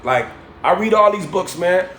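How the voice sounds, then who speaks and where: A man's voice: sits high, expressive, normal speed, a bit bright, roomy sound, a little hiss or hum. A man hosting a livestream from home, giving a slangy, preachy motivational talk that repeats phrases for effect. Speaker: livestream host.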